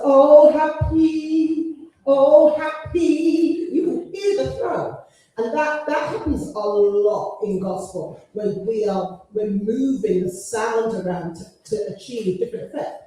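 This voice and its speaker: A woman leads a gospel singing workshop, breaking into sung phrases to show placement and laughing easily as she teaches. Her voice is mellow and fairly high. She is heard from across a large, very reverberant hall. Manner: lively, demonstrates phrases by singing, laughs often. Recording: echoey hall, voice from far off the mic.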